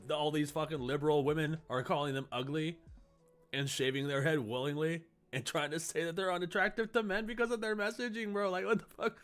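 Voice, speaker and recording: Profane, laughing stream co-host. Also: male voice, on the high side. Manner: profane, laughing, animated rants. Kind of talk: casual reaction chat.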